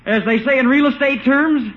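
A man's voice: very high voice, moderate pace. A man playing a polite, hesitant, naive young husband, in 1940s radio acting style. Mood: earnest. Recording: muffled old radio recording.

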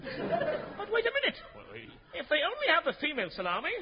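An actor playing an excitable, pompous, bumbling hero in a 1950s radio comedy, given to shouting outbursts. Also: male voice, very high voice, a little fast, crowd noise, heavily acted. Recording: noisy dull old radio recording.

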